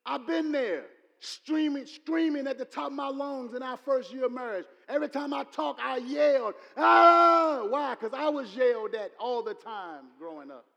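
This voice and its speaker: A man preaching a sermon, repeating his points and building to loud exclamations. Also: extremely high pitch, normal speed, creaky, hardly any pauses. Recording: long hall reverb.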